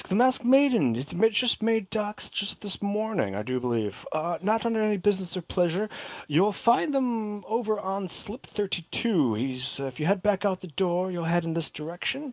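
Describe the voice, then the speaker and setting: A man's voice: sits high, no echo, pitched above the performer's own voice. A man voicing a courteous, slightly stammering harbor master. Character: polite older male harbor master.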